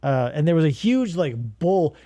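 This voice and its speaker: A man chatting casually as a co-host, jumping between crude jokes and rambling memories. His voice is mellow and lively in pitch, and the recording is dry and close. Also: normal speed, no echo. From Arizona. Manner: rambling, crude jokey commentary. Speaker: podcast co-host reacting to old commercials. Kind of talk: casual chat.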